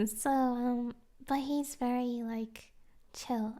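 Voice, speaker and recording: A young woman streamer chatting casually with her live chat, gushing and giggly, sometimes dropping to soft whispers. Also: sits high, animated, drawn-out words, pauses often.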